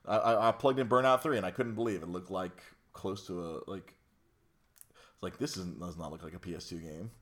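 A young man with a fairly low voice hosts a laid-back chat. He talks in loose, rambling runs, full of fillers and false starts. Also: a little fast, fairly bright tone. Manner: rambling, lots of fillers and restarts. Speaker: podcast host. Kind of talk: casual chat.

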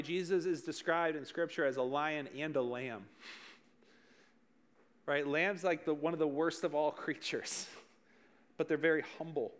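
A young man preaching as a youth pastor, talking casually, joking, and asking his listeners questions. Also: fairly high pitch. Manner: joking, conversational, addresses the room directly.

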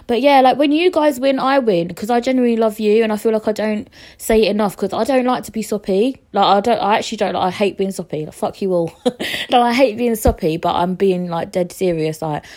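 Young woman, podcast host, casual chat, swears, self-mocking, middle pitch. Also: fairly quick, a little mellow.

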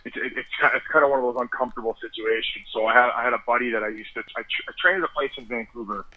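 A man in the middle pitch range spins loose anecdotes as a podcast guest, stumbling over restarts and peppering them with curses. His voice sounds dry and dull, like lo-fi remote audio. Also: rapid-fire, dry recording. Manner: rambling, stammers and restarts, swears freely. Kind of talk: casual storytelling.

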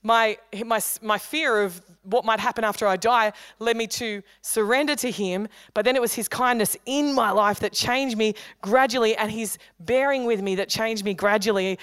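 Woman pastor, smooth clear voice, dry close sound, chatty joking sermon delivery. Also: fairly high pitch, fairly bright tone, no echo. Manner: conversational, humorous preaching with quick asides. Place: church hall.

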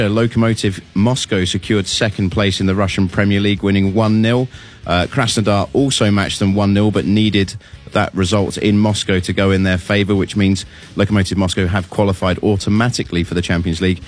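Low-voiced man reading sports news. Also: fairly quick. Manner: steady, matter-of-fact. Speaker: news reader on panel.

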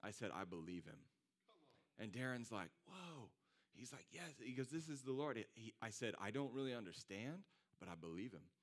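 A man's voice, on the low side and brisk, carries a pastor's conversational sermon. Lively throughout, he recounts a personal experience and dramatizes his friends' words.

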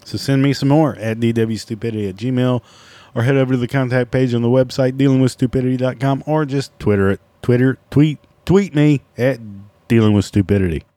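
A man's voice: mid-range voice, fairly quick, mellow, no echo. A man hosting a casual solo podcast, swearing freely, sarcastic and mocking himself. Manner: profane, sarcastic, self-mocking. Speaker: podcast host.

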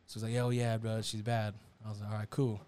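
A young man telling a story in casual chat, animated and slangy, acting out the quotes. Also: on the low side, quick pace. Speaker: storyteller on a podcast.

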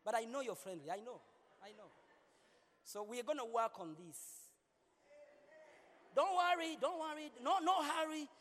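A man's voice: very high voice, moderate pace, pauses often, fairly bright tone. A man preaching as a pastor, playful and joking with his congregation, repeating words as he preaches in a large church. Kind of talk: sermon. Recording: long hall reverb.

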